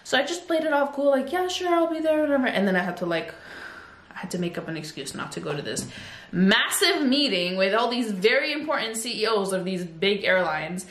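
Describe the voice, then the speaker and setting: A woman in her twenties chatting at home into a phone, telling a casual storytime in an animated way. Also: medium pitch, a little fast, echoey room. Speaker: vlogger.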